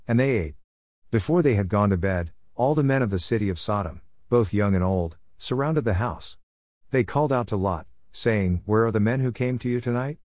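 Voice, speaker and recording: A man giving a steady, measured scripture reading. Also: fairly low pitch, no room sound, studio quality. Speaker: scripture reader.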